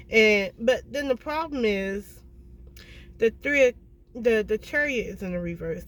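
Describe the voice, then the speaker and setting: A tarot reader giving a casual reading to viewers, blunt and emphatic, swearing freely and often checking in with a quick "okay?". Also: mid-range voice, slight background noise.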